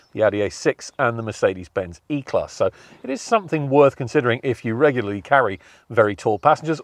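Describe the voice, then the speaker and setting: A young adult man, presenting a car review from inside a car, measured and conversational as he weighs pros and cons. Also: mid-range voice, dry recording. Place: inside a car, partly while driving.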